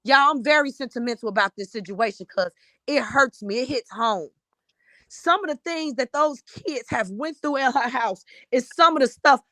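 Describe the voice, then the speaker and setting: A woman's voice: high voice, pushed and bright, no echo. Fiery, profane woman ranting. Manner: blunt, profane, fired-up ranting. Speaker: panelist. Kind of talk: heated live-stream commentary.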